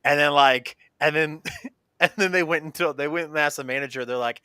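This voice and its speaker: A man bantering on a casual talk show, loud and quick to swear. His voice is bright and forceful and sounds close to the mic. There is no room echo on it. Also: fairly high pitch. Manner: loud, joking, swears freely. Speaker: podcast co-host.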